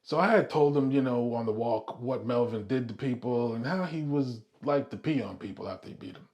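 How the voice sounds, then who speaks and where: A man's voice: mid-range voice, fairly quick, darkish tone. A middle-aged man telling a casual, rambling story on his vlog, swearing freely and laughing along as he goes. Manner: rambling, profane, laughs often. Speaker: vlog host.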